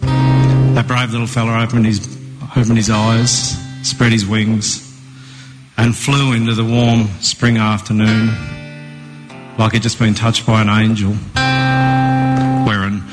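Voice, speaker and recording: An older man with an Australian accent telling a rambling comic story in a dry, deadpan way. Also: lowish voice, slow, pauses often, long reverb tail, music in the background. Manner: dry, rambling yarn-spinning. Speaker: comedic storyteller.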